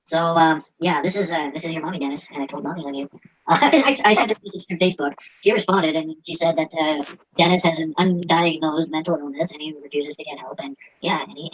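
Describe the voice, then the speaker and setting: A woman's voice: low voice, poor audio. A woman hosting a podcast in casual, profane chat, mocking and laughing, stumbling as she reads aloud. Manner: crude, mocking, laughs often; stumbles while reading aloud. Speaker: podcast host.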